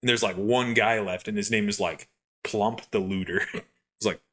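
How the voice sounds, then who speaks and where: A young man co-hosting a podcast who tells gaming stories in a rambling, animated way with lots of fillers. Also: lowish voice, moderate pace. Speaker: podcast co-host. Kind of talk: casual chat, storytelling.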